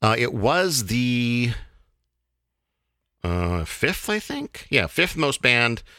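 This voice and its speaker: A man hosting a casual podcast, talking in a halting way with many fillers and restarts. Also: mid-range voice, very animated, sharp tone, clean tone, no echo, clean studio sound. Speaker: podcast host.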